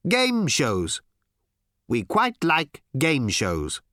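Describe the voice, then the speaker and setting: A man voicing thin, greenish alien visitors who speak slowly, flatly and earnestly. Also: fairly high pitch, no room sound, clean studio sound, pitched above the performer's own voice, exaggerated voice.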